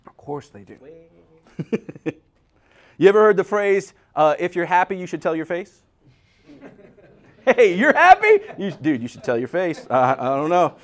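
Comic male preacher, middle-aged, lively swooping voice, acts out bits for laughs. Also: high-pitched, unhurried, pauses often. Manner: animated, jokey, acts out little scenes. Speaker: pastor. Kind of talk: humorous sermon.

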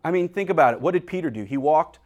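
A man preaching a sermon, emphatic, swinging between loud declarations and hushed quoted lines. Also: on the high side, expressive, fast, lo-fi sound.

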